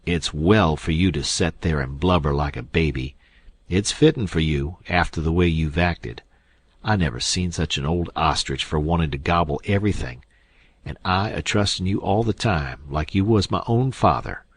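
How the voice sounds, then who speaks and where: A man voicing a middle-aged male con man who scolds his partner loudly and sarcastically. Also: a bass voice, moderate pace, slightly rough, dry recording, full character voice. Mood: angry.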